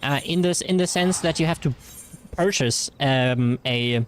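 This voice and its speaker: A man's voice: on the high side, unhurried, a little hiss or hum. A man with a German accent chatting casually through a game livestream, rambling with fillers and reading chat messages aloud. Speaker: streamer.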